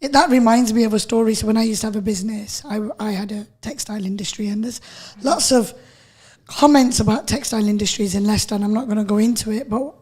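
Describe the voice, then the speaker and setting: Chatty woman, husky and mellow. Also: medium pitch, quick pace. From northern England. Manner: chatty, expressive storyteller. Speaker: radio host. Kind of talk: casual radio interview.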